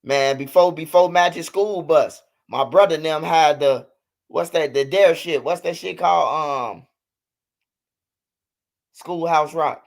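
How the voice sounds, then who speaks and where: A man's voice: fairly high pitch, a little slow, vocal fry. A man in his thirties hosting a livestream, talking loosely and profanely in casual chat. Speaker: livestream host.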